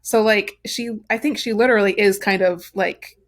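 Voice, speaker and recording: A woman co-hosting a casual podcast, speaking at a middle pitch. She talks in an analytical way and walks through her reasoning point by point. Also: steady tone, moderate pace. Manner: analytical, explains things step by step. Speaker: podcast co-host. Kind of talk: casual chat.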